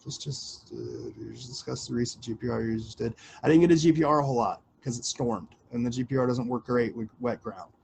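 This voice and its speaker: Casual male livestream host, mid pitch, rambling and filler-heavy, faint background noise. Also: very animated, brisk, creaky, few pauses, darkish tone. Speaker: livestream host answering questions.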